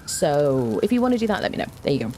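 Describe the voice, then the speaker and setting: A young streamer talks fast in a deep, mellow voice with big pitch swings, and there's a little hiss or hum in the recording. Playing a game, she chats casually with viewers, greets them by name, and fills her speech with fillers.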